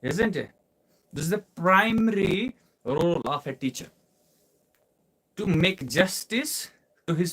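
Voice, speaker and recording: A man's voice: on the high side, fairly bright tone. A young man from Kashmir with an Indian accent, an English teacher answering viewer questions in a live class, explaining with repeated rhetorical questions.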